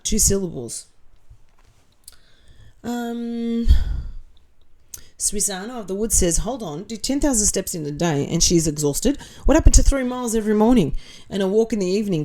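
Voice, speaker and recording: A woman's voice: mid-range voice, mellow. A woman with an Australian accent hosting a casual livestream, reading viewer comments aloud and answering them in a blunt, sarcastic way. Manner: blunt and sarcastic, swears freely.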